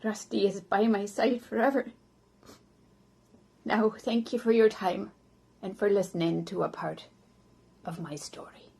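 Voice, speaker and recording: A woman acting as a dead older man who narrates his life story in a first-person historical monologue, often dropping soft and slow. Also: mid-range voice, fairly even intonation, vocal fry, slightly rough. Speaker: volunteer actor.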